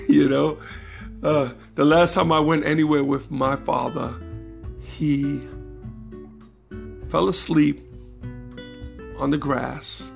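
Very gravelly New man telling stories. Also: on the high side, steady tone, slow pace, long pauses, faint music behind. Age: middle-aged. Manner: rambling, warm-hearted, laughs between stories, many fillers. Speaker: podcast host. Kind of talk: casual storytelling monologue.

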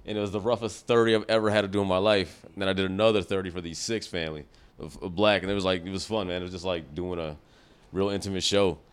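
Fast-talking, low-voiced comedian man. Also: fairly even intonation, clear, resonant tone. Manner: quick, slangy jokester. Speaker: comedian, podcast guest. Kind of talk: casual chat.

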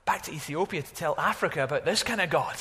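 A man preaching a sermon as pastor, animated, exclaiming at times and dropping to a hush at others. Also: on the high side, fast, big-room sound. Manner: animated, exclaiming, varies from loud to hushed.

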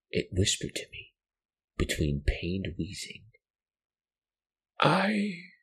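A man narrates a horror story in a slow, hushed, dramatic way. His voice is low and gravelly with a breathy, husky edge. His pitch swings widely as the tension builds. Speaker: podcast narrator.

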